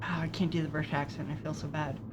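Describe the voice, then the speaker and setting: A woman's voice: sits low, flat delivery, fast, a little hiss or hum. A young woman playing a video game with a friend, reacting in a playful, joking way. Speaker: game streamer. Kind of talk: casual let's play commentary.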